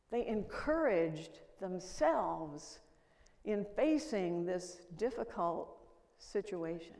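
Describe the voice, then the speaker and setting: An older woman delivers a conference keynote in a reverberant lecture hall, telling stories and posing questions to the audience. Her voice is fairly low, gravelly, and darkish, with lively intonation and an unhurried pace.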